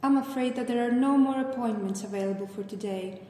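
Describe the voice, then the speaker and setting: A woman playing a polite high-voiced server. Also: fairly quick, dark tone, close to an everyday voice. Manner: polite, carefully enunciated. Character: polite adult woman serving customers. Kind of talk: scripted listening test dialogue. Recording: echoey room with long reverb.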